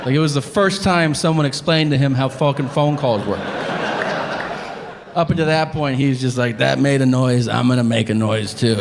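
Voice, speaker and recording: A man telling a stand-up story on stage, deadpan and exasperated as he acts out the dialogue. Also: medium pitch, normal speed, background noise. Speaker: stand-up comedian. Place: comedy theater stage. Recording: live theater hall with faint ambience. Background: audience laughter.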